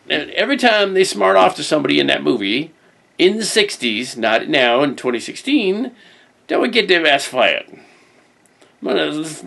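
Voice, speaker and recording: A man's voice: on the high side, vocal fry, fairly bright tone. A man hosting his own show, rambling through a wry, self-interrupting casual rant to camera in a home studio. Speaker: show host.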